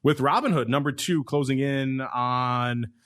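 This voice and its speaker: A man's voice: medium pitch, unhurried, a bit bright. A man hosting a markets podcast, chatty and wry, with asides. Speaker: podcast host. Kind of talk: casual market talk.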